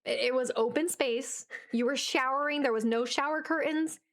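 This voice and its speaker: A woman's voice: sits high, normal speed. A young woman co-hosting a podcast, telling a story in a bubbly, giggly, rambling way. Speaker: podcast co-host. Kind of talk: casual chat, animated storytelling.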